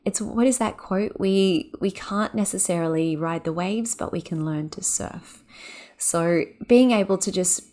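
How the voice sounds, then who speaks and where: A woman hosting a podcast who speaks with gentle, soothing guidance, leading a breathing exercise and talking with lively energy between exercises. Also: mid-range voice. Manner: gentle, soothing, unhurried guiding; animated and quick when excited. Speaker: podcast host and yoga teacher. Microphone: podcast microphone.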